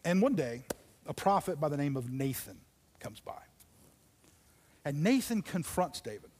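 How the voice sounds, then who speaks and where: A man's voice: fairly high pitch, sing-song, a little mellow, husky. Man preaching in an echoing church hall. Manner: storytelling, dramatic pauses, drops to near whispers. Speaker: pastor. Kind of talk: sermon. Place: church auditorium.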